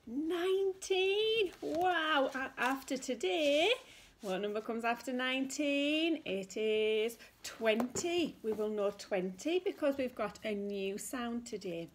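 A woman teaching small children their letter sounds in a slow, sing-song, encouraging way. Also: fairly high pitch, a little hiss or hum. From England. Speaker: nursery teacher. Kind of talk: children's phonics lesson.

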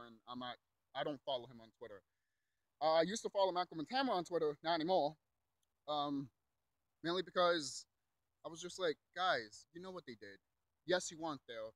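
A man's voice: a little high, a bit bright, no echo, rough recording. A young man delivering a heated, profane rant, repeating himself and mocking others in put-on voices. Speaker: YouTube commentator. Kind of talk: angry rant.

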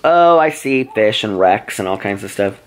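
A man's voice: fairly low pitch, lively intonation, moderate pace, close to an everyday voice. A man voicing his carefree, boastful male pet dog in a laid-back bragging drawl.

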